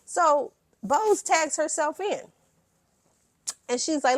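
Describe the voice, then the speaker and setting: A woman's voice: high voice, lively intonation, slow, no room sound, clean studio sound. Sassy woman dishing reality TV gossip. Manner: brash and sassy, quoting the cast in bursts. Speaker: reality TV recap host. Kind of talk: sassy reality show recap commentary.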